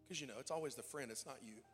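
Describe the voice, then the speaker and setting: A young adult man preaching a sermon in a church, tearful and emotional, dropping to near whispers and rising to shouted cries. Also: mid-range voice, breathy edge. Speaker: pastor. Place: church sanctuary. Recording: long hall reverb with faint music.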